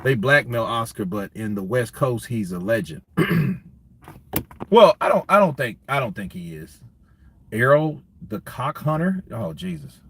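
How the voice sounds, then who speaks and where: A man's voice: mid-range voice, sing-song, measured pace, vocal fry, slightly rough. A man hosting a casual boxing livestream, joking crudely, reading viewer messages and acting out skits in other voices. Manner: crude, joking, reads super chats, acts out skits. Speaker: boxing commentary host.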